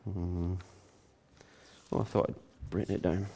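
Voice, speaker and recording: A man preaching a sermon, emphatic and animated, telling stories with frequent restarts. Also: sits low, a little slow, vocal fry, slight background noise. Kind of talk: sermon with storytelling.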